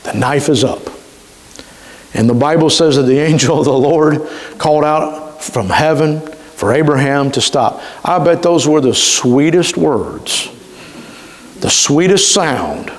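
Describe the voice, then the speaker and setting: High-voiced preacher in a reverberant hall. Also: male voice, animated. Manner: emphatic preaching, stretching key words slowly. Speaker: pastor. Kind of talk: sermon.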